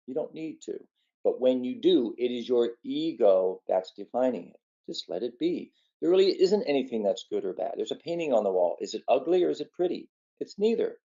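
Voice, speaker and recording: A man's voice: mid-range voice, mellow, muffled recording. A man giving an earnest, conversational talk on meditation and the ego, coming across as a physician teaching. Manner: earnest, conversational, tells a folksy story.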